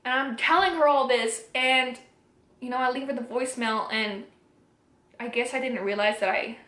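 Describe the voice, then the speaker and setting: High-voiced young woman in an echoey room. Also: normal speed, a bit bright. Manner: candid, emotional, swears freely. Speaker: vlogger. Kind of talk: personal storytelling to camera.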